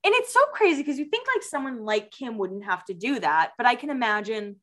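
A woman's voice: on the high side, sing-song, fairly quick, fairly bright tone. A woman co-hosting a podcast, chatting casually and laughing often. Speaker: podcast co-host. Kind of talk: casual chat.

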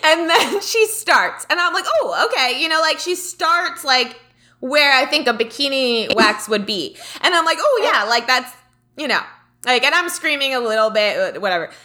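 Young female co-host, high and bright, animated casual storyteller who keeps breaking into laughter. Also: moderate pace. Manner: animated, laughs often mid-sentence.

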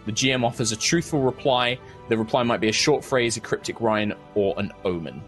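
A man acting as game master, reading spell rules and narrating the scene, with slow pauses and filler between descriptions. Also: medium pitch, fairly bright tone, faint music behind. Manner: reads spell rules briskly, slows for vivid scene description.

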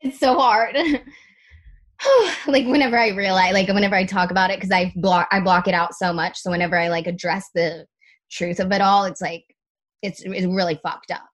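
A woman's voice: mid-range voice, fairly even intonation, moderate pace. A young adult woman speaking as a podcast guest in casual, candid chat, full of "like" fillers and the odd swear word.

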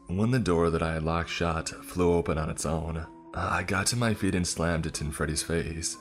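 A man with an extremely deep, low voice reads a first-person horror story in a grim, steady way. Faint music sits beneath his narration. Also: moderate pace, few pauses.

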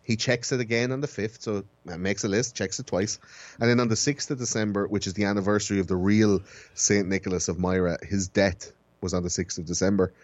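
A man with a low voice talks through a long explanation in casual podcast chat, often restarting his sentences. The sound is dry and close but a bit dull and muffled. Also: a little mellow, dry recording. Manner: rambling storyteller, restarts phrases while explaining history.

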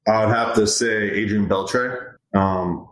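A man's voice: on the low side, slow. A middle-aged man, a hitting coach, talking casually and rambling a bit as he tells stories about players. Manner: relaxed, rambling, acts out quoted players. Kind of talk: casual interview chat. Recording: echoey room.

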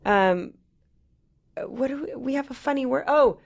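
A woman's voice: high voice, measured pace, creaky. A woman in her thirties co-hosting a podcast, chatting casually and frankly, swearing freely and filling her sentences with "um" and "like.". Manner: frank and profane, full of "um" and "like". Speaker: podcast co-host. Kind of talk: casual chat.

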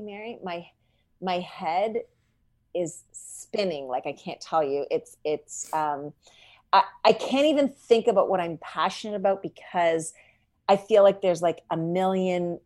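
A middle-aged woman, a cookbook author, chatting in an interview in a rambling, animated way from her farm home. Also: fairly low pitch, takes it slowly. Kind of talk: casual interview chat.

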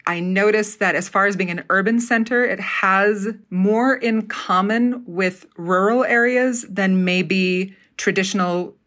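A middle-aged woman from Utah talks as a dialect coach in a relaxed interview. Her voice sits at an ordinary middle pitch, and she is animated, acting out snatches of accents as she explains. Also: a little slow, few pauses. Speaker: dialect coach and theatre professor. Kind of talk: casual interview chat.

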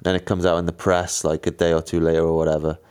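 A man's voice: sits low, level tone, quick pace, darkish tone, clean tone. A man, a cyclist, chatting casually and telling rambling stories with lots of fillers. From Wales. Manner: chatty storytelling, lots of fillers and mimicked voices. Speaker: pro cyclist, podcast co-host. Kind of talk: casual chat.

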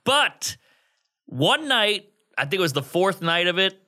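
This man speaks in a high voice that swoops with lively intonation. His tone is very bright and sharp. He is a guest comedian on a casual podcast, telling stories and acting out the voices of other people. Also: a little slow. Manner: animated storyteller, acts out voices.

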